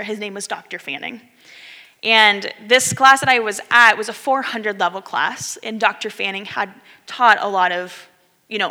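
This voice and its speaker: A woman in her thirties telling a story in a conversational sermon, acting out the people in it. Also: mid-range voice. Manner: animated, conversational, acts out quoted voices. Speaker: speaker giving a talk. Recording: long hall reverb.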